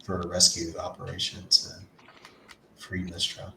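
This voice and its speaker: A man's voice: low-pitched, completely flat delivery, moderate pace, creaky, noisy background. A man playing a tabletop game, earnestly arguing a plan with many hesitations. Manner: earnest, hesitant with many ums, reasoning aloud. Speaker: player. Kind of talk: in-character argument in a tabletop game. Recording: echoey room with music behind.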